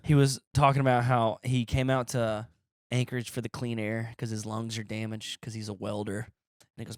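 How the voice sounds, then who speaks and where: A man's voice: fairly low pitch, a little fast, no echo, clean studio sound. A man from Appalachia, a stand-up comedian hosting a podcast, telling loose, profane stories and acting out the voices of people he met. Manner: animated, swearing, laughing, acts out quoted voices. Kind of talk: casual comedic storytelling.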